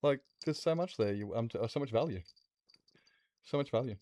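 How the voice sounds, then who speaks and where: A man's voice: mid-range voice, animated, a little fast, dark tone. A man streaming a game, chatting casually in a rambling, jokey way and laughing often. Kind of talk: casual gaming stream chat.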